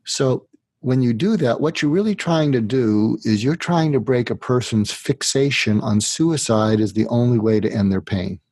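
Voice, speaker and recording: A man with a husky, slightly breathy voice walks through his method as a psychiatrist being interviewed. He builds it up step by step and sometimes slips into the words a distressed patient might use. The sound is dry and close, with no room around it. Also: medium pitch, moderate pace, darkish tone, dry recording. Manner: teaching step by step, acts out what a patient would say. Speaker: psychiatrist guest. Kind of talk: explanatory interview talk.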